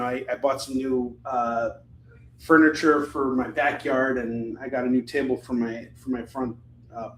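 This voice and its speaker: A man's voice: medium pitch, slight background noise. Chatty man selling comics in an echoey room. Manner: chatty and rambling, jokey asides. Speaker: live-stream comic book seller. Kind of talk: casual live sales chat.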